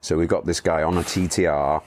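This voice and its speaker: A man's voice: sits low, fairly even intonation, a little fast, slight background noise. A middle-aged man, a motorcycle tour company owner, telling rambling anecdotes in a casual interview, chuckling as he goes.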